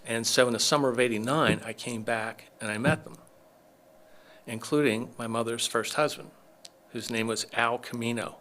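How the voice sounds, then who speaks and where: Bright-voiced man telling a story. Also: mid-range voice, normal speed. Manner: animated storyteller acting out quoted dialogue. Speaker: chiropractor, podcast guest. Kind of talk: casual storytelling interview.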